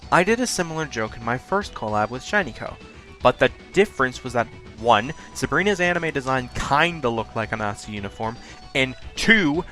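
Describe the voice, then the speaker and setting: Fast, lively self-critical countdown host. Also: male voice, mid-range voice. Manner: talks fast, stutters at points. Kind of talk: scripted countdown commentary.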